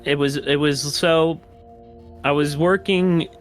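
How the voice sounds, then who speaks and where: A man's voice: on the high side, steady tone, slow. Male podcast guest, casual storyteller, rambles and restarts, salty language, faint music bed. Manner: rambling, profane, many fillers and restarts.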